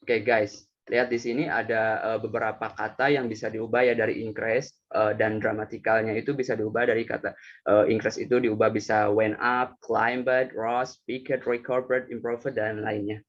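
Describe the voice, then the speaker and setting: A man's voice: on the low side, little pitch movement, fairly quick, muffled recording. A young man giving a class presentation, reading from slides with some hesitant fillers. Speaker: student presenter.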